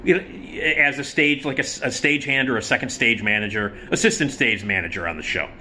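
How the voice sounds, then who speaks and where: Profane, animated male storyteller. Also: medium pitch, a little fast, slight background noise. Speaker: storyteller host. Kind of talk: casual storytelling.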